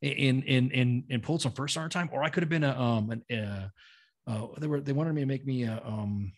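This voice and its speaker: A middle-aged man for whom English is a second language, telling stories bluntly and profanely in casual conversation. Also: medium pitch. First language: not English. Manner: blunt, profane, quick-talking. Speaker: podcast guest, retired army sergeant major. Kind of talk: casual storytelling.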